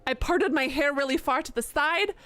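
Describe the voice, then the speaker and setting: A woman's voice: sits high, moderate pace, a bit bright. A young woman live streamer chatting casually at the end of a stream, rambling with lots of fillers and self-mocking asides. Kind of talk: casual stream sign-off chat. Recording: music playing behind.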